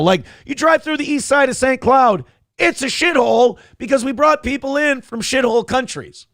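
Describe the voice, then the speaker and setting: A man's voice: very high-pitched, normal speed, a bit bright, dry recording, studio quality. A man from Minnesota hosting an internet morning show, reading viewer donations aloud and riffing on the news in a crude, blunt, sarcastic way. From Minnesota, USA.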